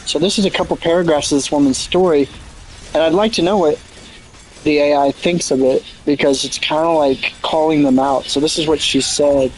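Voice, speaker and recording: A man's voice: fairly high pitch, a little hiss or hum, rough recording. A young man chatting casually on an online voice chat, laid-back and swearing freely. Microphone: online voice chat mic.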